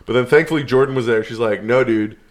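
Laid-back guy rambling through a story, swears a bit, average pitch. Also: quick pace. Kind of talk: casual storytelling chat.

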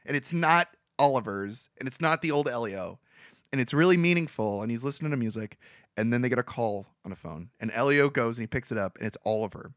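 A man of middle pitch chats casually on a podcast, walking through a movie's plot scene by scene. He rambles and restarts with plenty of fillers, and his voice keeps rising and falling as he tells it. The sound is dry and close, with no room around it. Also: fairly quick, no room sound. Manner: rambling, animated storytelling with many fillers. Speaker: podcast co-host. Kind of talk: casual chat retelling a movie.

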